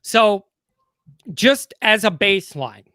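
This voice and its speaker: A man's voice: high voice, animated, slow pace, pushed and bright, dry recording, studio quality. A man with a Chicago accent co-hosting a casual sports talk show, conversational and steering the topics. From Midwest US. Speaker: show co-host.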